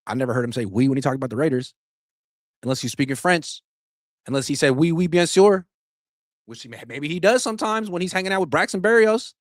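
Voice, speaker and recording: Male sports podcast host, mid-pitched, punchy and sarcastic, spikes up high to make a point; dry, close-miked read. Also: fast, dry recording. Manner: animated, sarcastic, swings loud for emphasis. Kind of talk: opinionated solo sports commentary.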